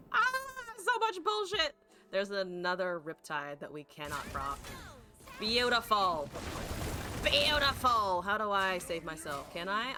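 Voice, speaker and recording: A woman's voice: lowish voice, pushed and bright. A woman streamer thinking aloud through a card game, swearing freely and chatting to her viewers. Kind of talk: live gameplay commentary.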